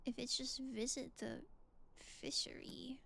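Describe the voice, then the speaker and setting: A woman's voice: sits high, expressive, slow pace, vocal fry, sharp tone, slight background noise. A woman streamer chatting casually while playing a game, musing aloud and answering her chat.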